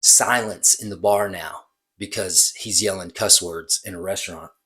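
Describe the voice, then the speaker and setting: Husky man telling a bar story. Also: low-pitched, fairly even intonation, normal speed, a bit bright. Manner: rambling, hesitant, self-correcting. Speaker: bartender. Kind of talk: casual storytelling.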